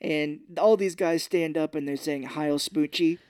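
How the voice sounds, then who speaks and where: A man's voice: unhurried, smooth, dry recording, clean studio sound. Man animatedly recapping a movie. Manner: animated retelling, acts out characters' lines in high voices; swears freely. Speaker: podcast co-host. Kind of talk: casual movie recap chat.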